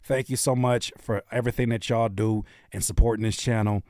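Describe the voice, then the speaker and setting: A man hosting a casual music livestream, joking in slangy, animated talk and slipping into mock voices. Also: fairly low pitch, fairly quick, no room sound, clean studio sound. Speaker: livestream host reacting to music.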